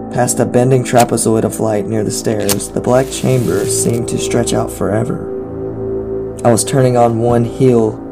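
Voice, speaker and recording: A man narrating a first-person horror story in a measured way, with occasional stumbles. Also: lowish voice, creaky. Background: music.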